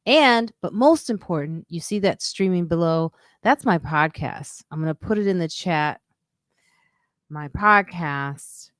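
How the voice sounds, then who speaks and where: A woman's voice: animated, moderate pace, hardly any pauses, no echo, studio quality. A woman comedian hosting her own live stream in a casual, chatty way, greeting viewers and reading out their comments. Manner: says she is using a weird low radio voice. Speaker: comedian and podcast host.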